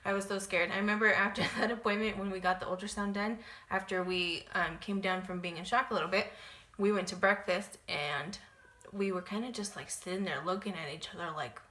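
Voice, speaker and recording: A young woman chats through a story-time vlog with a bright, forceful voice. She talks casually and loosely, leaning on "like" and "um". The room is echoey around her. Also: mid-range voice, steady tone, fairly quick. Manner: chatty, lots of "like" and "um" fillers. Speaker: vlogger.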